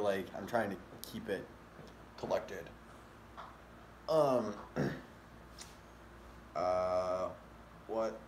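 A man's voice: fairly low pitch, slight background noise. A man vlogging casually, rambling with many fillers and restarts. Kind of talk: casual rambling vlog talk. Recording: echoey room with faint ambience.

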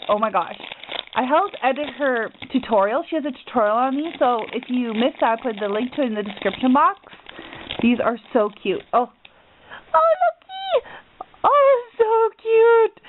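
Gushing high-voiced young woman, tinny audio. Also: a little hiss or hum. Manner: gushing, excitable, gasps often. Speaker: crafting vlogger. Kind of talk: package opening vlog.

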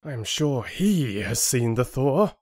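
A man voicing a calm, patient middle-aged father with a measured, gentle way of speaking in an audiobook. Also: medium pitch, no room sound, clean studio sound, voice pushed up.

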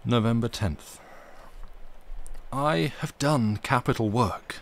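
A man reading a ghost story aloud on a live stream, with expressive, dramatic emphasis. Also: medium pitch, slow pace, vocal fry.

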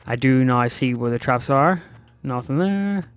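A young man giving sarcastic, excitable let's-play commentary to his viewers. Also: mid-range voice, a little slow, smooth. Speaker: gaming YouTuber.

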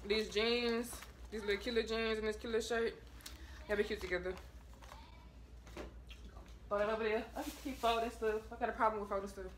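A woman's voice: fairly high pitch, steady tone, a little fast, pauses often, a little hiss or hum. A woman vlogging a casual try-on haul from her bedroom, chatting in a slangy, offhand way to her viewers.

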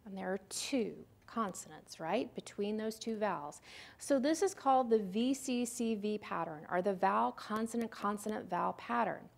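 A woman's voice: medium pitch, animated, moderate pace, creaky. A woman giving a recorded lecture on phonics, explaining step by step in a patient, teacherly way and sounding out words as she goes. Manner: models the sounds aloud. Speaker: literacy presenter.

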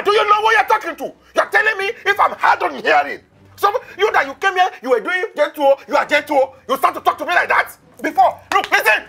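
A man's voice: high voice, fairly bright tone, husky, heavily acted. A man with a Nigerian accent playing a volatile father who laughs often and bellows when angered. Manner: chuckling, then bellowing threats. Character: blustering middle-aged Nigerian father, volatile. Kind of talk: comedy skit.

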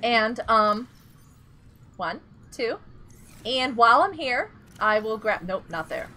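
Playful high-voiced woman gaming. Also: expressive, slow, bright, forceful tone. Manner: playful and giggly, counting items aloud. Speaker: streamer playing a game. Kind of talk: casual gameplay chat.

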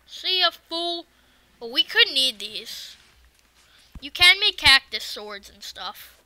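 A woman giving casual let's-play commentary, excitable and talking back to the game's enemies. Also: sits high, slow pace. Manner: excitable, swears and talks to the game enemies. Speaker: gaming video creator.

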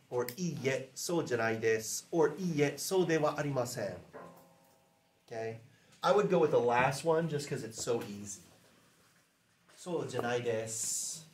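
A man teaching a class in a relaxed, chatty way, saying phrases slowly for students to repeat. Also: mid-range voice, reverberant, slight background noise. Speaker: language teacher.

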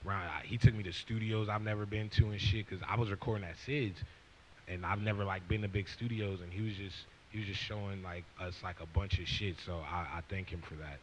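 A man as an interview guest, talking in a loose, profane way, full of fillers, dropping to a mumble and then rising into excitement. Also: low voice, quick pace, slight background noise. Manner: loose and profane, many fillers, trails off quietly then gets loud and excited. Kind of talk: casual interview chat. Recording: muffled lo-fi audio.

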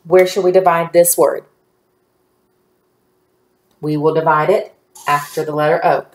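A woman teaching a phonics lesson to young children, patient and encouraging, drawing out each word slowly. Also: deep voice, steady tone, roomy sound.

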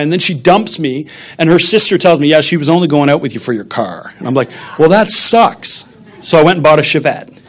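A middle-aged man, a pastor, preaching a sermon in a conversational, humorous storytelling manner. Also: a little high.

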